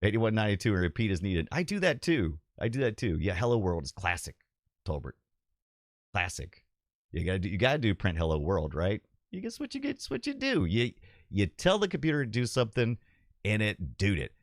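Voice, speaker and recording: Male livestream host with a dry, close sound, chatty and quick to laugh, his pitch bouncing all over. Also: no echo. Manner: animated, chatty, laughs often, reads viewer comments aloud. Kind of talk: casual livestream chat with viewers.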